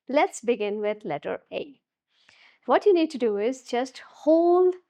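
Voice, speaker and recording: Slow, encouraging woman phonics teacher. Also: a little high. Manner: slow, encouraging, demonstrating each sound. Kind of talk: children's phonics lesson.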